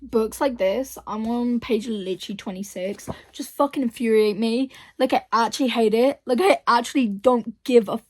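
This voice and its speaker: A woman's voice: a little high, normal speed, few pauses, darkish tone. A young woman vlogging casually about her reading, ranting and swearing freely. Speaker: book vlogger. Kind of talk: casual reading vlog chat.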